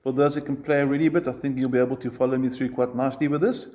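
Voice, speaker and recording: A man's voice: mid-range voice, level tone, rapid-fire, darkish tone. A man teaching a ukulele lesson, explaining chord shapes step by step and counting strums aloud. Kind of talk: music lesson.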